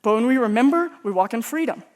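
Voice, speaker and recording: A man's voice: very high voice, animated, fast. Male pastor from Texas, casual sermon storyteller, joking and self-deprecating. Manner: humorous, conversational, self-mocking.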